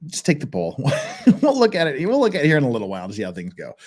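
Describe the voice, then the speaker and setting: A man's voice: medium pitch, huge pitch swings, very fast. A man hosting a casual livestream chat, reading viewer messages with frequent laughs, restarts and a rambling manner. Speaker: channel host.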